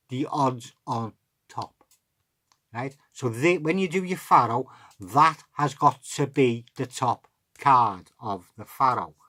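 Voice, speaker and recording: A man's voice: mid-range voice, bright, forceful tone. A middle-aged man with a chatty manner, explaining a card trick step by step and talking to himself as he handles the cards. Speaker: magic tutorial host.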